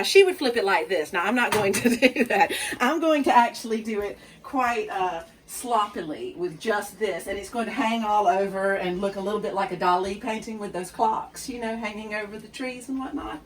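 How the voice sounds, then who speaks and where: A woman's voice: medium pitch, animated, normal speed, hardly any pauses, distant mic. A self-deprecating woman walks viewers through a recipe at her stove, her voice rising and falling a lot as she chats. She sits a bit back from the mic, and a faint hum of the kitchen hangs behind her. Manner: chatty, self-deprecating, talks to viewers directly. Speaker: cooking show host. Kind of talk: home cooking demonstration. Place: home kitchen.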